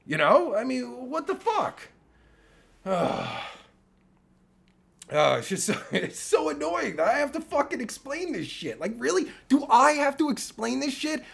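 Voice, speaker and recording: A heated man on a livestream rant, swearing constantly and circling back on himself with fillers. His voice sits high and swings widely in pitch, with a gravelly, husky edge throughout. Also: big pitch swings, a little slow, a bit bright. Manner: profane, heated, ranting with many fillers. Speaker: streamer and podcaster.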